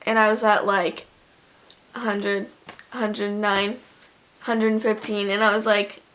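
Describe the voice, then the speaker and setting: A woman's voice: mid-range voice, little pitch movement, takes it slowly, fairly bright tone. A teenage girl telling a storytime vlog in a rambling, casual way, packing her talk with "like" and swearing freely. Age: teens. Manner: rambling, fills every phrase with "like", swears freely. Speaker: vlogger.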